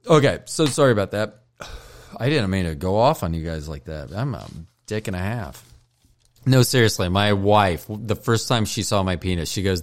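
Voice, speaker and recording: A man's voice: on the low side, expressive, normal speed, faint music behind. A man hosting a solo podcast while stoned, rambling, joking and swearing, with frequent apologies and self-deprecation. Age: older. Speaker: podcast host.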